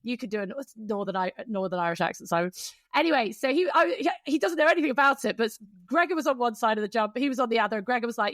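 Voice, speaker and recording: A woman co-hosts a casual podcast, telling rambling stories with plenty of ums. Her voice sits a little high. It sounds dry and close to the mic. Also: lively intonation, rapid-fire, a bit bright, dry recording. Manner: chatty storyteller, lots of fillers. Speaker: podcast co-host. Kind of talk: casual chat.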